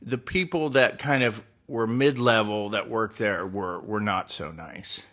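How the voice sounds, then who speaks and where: A man's voice: lowish voice, measured pace, fairly bright tone. Candid middle-aged man telling stories. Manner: rambling, candid, with frequent fillers and restarts. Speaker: actor doing a live stream. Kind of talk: casual storytelling monologue.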